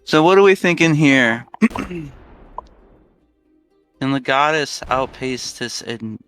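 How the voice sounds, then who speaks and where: A man hosting casual commentary on an online strategy game, firing off questions and stumbling over words when excited. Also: medium pitch, slow, soft background music. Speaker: commentator and host.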